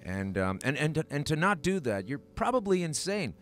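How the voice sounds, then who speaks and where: Rambling Canadian podcast host. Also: male voice, on the high side, very animated, normal speed, a bit bright, soft background music. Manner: rambling with many fillers and restarts. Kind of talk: casual chat.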